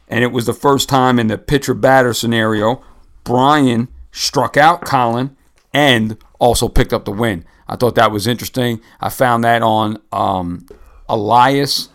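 A man's voice: medium pitch, takes it slowly. A man co-hosting a sports podcast, chatting casually and reading off stats with their sources. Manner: relaxed, rattles off stats and cites sources. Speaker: podcast co-host.

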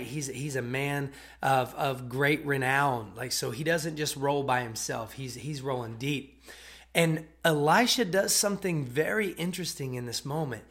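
Male preacher, slightly high voice, casual conversational sermon, checks in with listeners often. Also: a bit bright. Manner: conversational, checks in with "okay?" and "right?"; repeats and restarts words as he retells.

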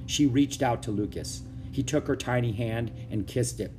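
A man reading a children's chapter book aloud in steady storytelling narration. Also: medium pitch, moderate pace, background noise. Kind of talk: audiobook narration.

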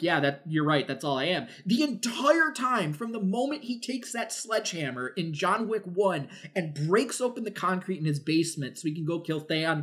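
A man's voice: high-pitched, a bit bright. A man reviewing a film on a podcast in casual chat, rambling with lots of "like", swearing and acting out quotes. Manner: rambling, full of "like", swears often, acts out quotes.

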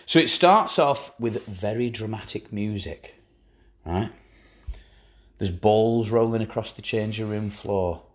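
A man co-hosting a podcast, chatting casually in a teasing, sardonic way, swearing now and then. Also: mid-range voice. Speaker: podcast co-host. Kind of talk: casual chat.

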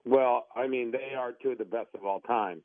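A man on a phone call who gets defensive and worked up, then quickly apologizes. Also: medium pitch, no echo. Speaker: prank call target. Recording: tinny phone line, dry.

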